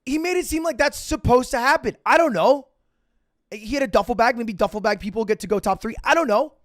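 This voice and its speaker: A man's voice: very high voice, fairly quick, a bit bright, dry recording, studio quality. A man streaming, telling a rambling, self-mocking story full of swearing and restarts. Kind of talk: casual storytelling to stream chat.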